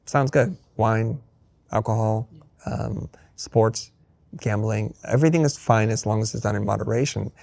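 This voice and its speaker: A man talking as a guest in a candid interview, an animated storyteller who acts out dialogue with blunt, wry humor. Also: on the low side, measured pace, gravelly, no room sound. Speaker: podcast guest.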